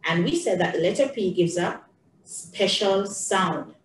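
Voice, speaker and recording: This woman teaches young children with a slow, singsong, encouraging delivery. Her voice is fairly low and darkish yet animated, captured from a distance in a reverberant room with faint background noise.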